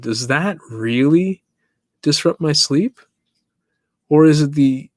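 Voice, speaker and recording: A man's voice: medium pitch, no echo, clean studio sound. A man hosting his own podcast, talking alone in a loose, musing way, laughing often and putting questions to his listeners. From East Africa. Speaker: podcast host. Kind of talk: casual solo monologue.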